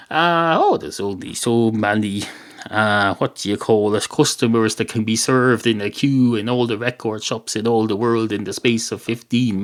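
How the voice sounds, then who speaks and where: An Irish man hosting a solo comedy podcast, rambling and sardonic, with many "uh" fillers and mock-outraged asides. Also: a little high. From Ireland. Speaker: podcast host.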